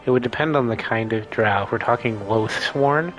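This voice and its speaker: A man's voice: mid-range voice, normal speed, a bit bright, soft background music. A man hosting a casual let's play, rambling and explaining his choices as he thinks aloud. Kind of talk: casual gameplay commentary.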